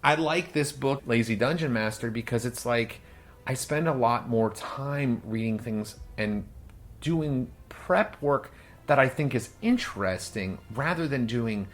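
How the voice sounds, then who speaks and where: A man's voice: mid-range voice, animated, a little slow. A man co-hosting a casual podcast who explains at length, with lots of "like" fillers. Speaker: podcast co-host and game master.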